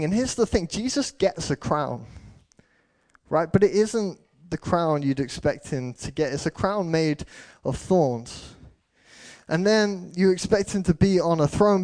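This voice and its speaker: A man's voice: fairly high pitch, a little mellow. A man preaching a sermon, telling personal stories in a casual, chatty way with frequent ums.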